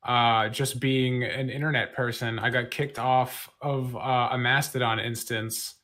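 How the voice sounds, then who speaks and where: A man's voice: medium pitch, little pitch movement, measured pace, sharp tone. A man co-hosting a podcast, telling an anecdote in a laid-back way with many fillers. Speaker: podcast co-host. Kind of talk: casual chat.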